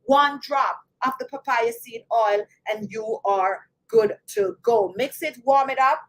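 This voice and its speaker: A woman with a Jamaican accent talking casually to her viewers, chatty and animated, often speaking to them directly. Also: fairly high pitch, unhurried, poor audio. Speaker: beauty channel host. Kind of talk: casual talk to camera.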